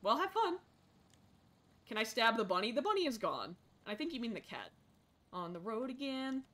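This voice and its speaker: In a fairly high voice at a moderate pace, a young woman gives chaotic game commentary while role-playing a frazzled parent. She's excitable, shifting from low mutters to sudden shrieks.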